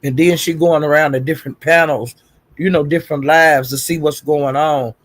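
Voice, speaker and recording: A man's voice: on the high side, fairly even intonation, moderate pace, no room sound. A man hosting a casual livestream, gossiping and greeting viewers in the chat, calling them honey and child. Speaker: livestream host. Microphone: streaming setup.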